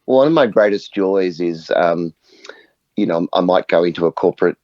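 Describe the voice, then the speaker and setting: A man's voice: low voice, animated, moderate pace, a little mellow, no room sound. An earnest man, talking as a guest on a podcast and telling stories, often checking in with "right?". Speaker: guest, music facilitator. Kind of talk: conversational podcast interview. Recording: muffled, dull audio.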